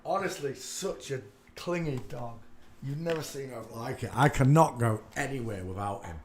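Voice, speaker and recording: A man rambling through a livestream from home, blunt and crude, cutting in to talk to his dog. His voice has a middling pitch and bounces around a roomy space. A faint hiss sits under the sound. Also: normal speed. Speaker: live stream host. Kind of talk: casual rambling livestream chat. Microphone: desk microphone.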